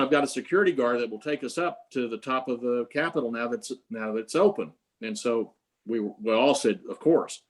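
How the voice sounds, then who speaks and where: Older man telling long anecdotes. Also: mid-range voice. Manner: rambling anecdotes with many fillers and restarts. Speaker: interview guest, prize creator. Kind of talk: storytelling in an interview.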